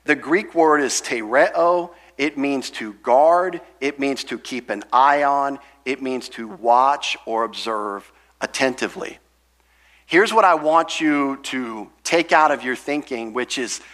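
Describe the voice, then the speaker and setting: A man's voice: mid-range voice, a bit bright. A pastor teaching an expository sermon to his congregation in a conversational way, with asides.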